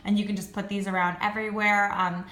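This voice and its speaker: Gushing young woman, bright echoey voice. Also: mid-range voice, fast talker. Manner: gushing, excitable, heavy "like" filler. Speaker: beauty and candle vlogger. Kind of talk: casual product review.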